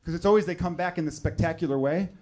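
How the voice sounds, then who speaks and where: A man, working a comedy club stage into a handheld mic. His voice sits slightly high for a man, and his easy chat keeps bursting into shouted, over-the-top voices for the people in his stories. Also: fast. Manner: conversational, jumps into loud exaggerated voices for characters. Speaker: stand-up comedian. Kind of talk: stand-up comedy set.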